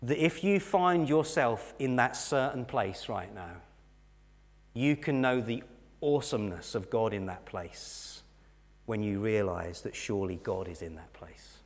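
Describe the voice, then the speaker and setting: A male pastor preaching a sermon to his church, earnest and building to a raised, fervent delivery. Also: mid-range voice. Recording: long reverb of a church hall.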